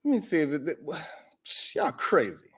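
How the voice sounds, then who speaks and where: A man's voice: fairly high pitch, wildly swooping pitch, unhurried, gravelly, fairly bright tone, husky. A man hosting a live stream, ranting in heated, profane reaction commentary.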